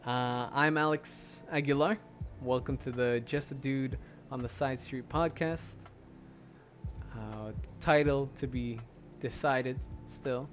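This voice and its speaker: A man's voice: medium pitch, slow, soft background music. A young man hosting a casual solo podcast, rambling with many restarts and fillers, a little out of breath. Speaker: podcast host.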